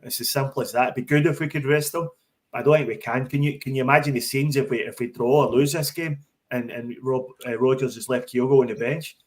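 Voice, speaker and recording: A man's voice: mid-range voice, fairly even intonation, quick pace. A man co-hosting a casual football podcast, making emphatic points and often repeating words as he restarts. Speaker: podcast co-host.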